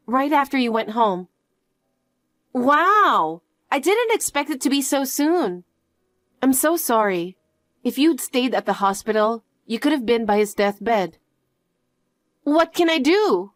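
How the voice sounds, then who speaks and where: A woman's voice: fairly high pitch, animated, unhurried, no room sound, clean studio sound. A woman narrating a scripted family story with an earnest, pleading manner.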